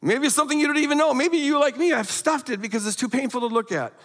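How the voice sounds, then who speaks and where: A middle-aged man giving a guest sermon, telling a personal story with animated, emphatic rises and frequent stammered restarts. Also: very high voice, fast. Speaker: guest speaker. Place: church sanctuary. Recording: long hall reverb.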